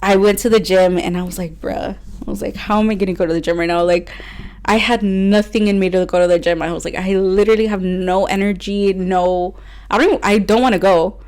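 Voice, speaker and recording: A woman's voice: medium pitch, steady tone, fairly quick, darkish tone. A young woman co-hosting a faith podcast, chatting casually with a rambling flow, frequent laughs and lots of "like" fillers. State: teary at moments. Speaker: podcast co-host. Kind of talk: casual chat.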